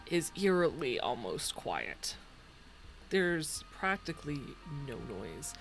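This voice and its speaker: Bright-voiced game master narrating. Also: medium pitch. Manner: loose, laughing narration with fillers.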